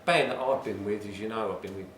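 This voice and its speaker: An older man spins stories loudly in a casual chat and laughs easily. He sits a little back from the mic in an echoey shop, with a faint hiss under his voice. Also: fairly low pitch, quick pace, recorded from a distance. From England. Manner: storytelling, loud, laughs easily. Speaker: drum shop owner.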